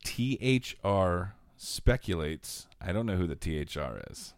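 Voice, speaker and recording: A man with a deep, low voice co-hosts a podcast, reading out headlines and ribbing his partner in a wry tone. The recording is close and dry. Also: lively intonation, measured pace, dry recording. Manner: teasing, wry. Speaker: podcast co-host. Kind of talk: casual chat, reading news headlines.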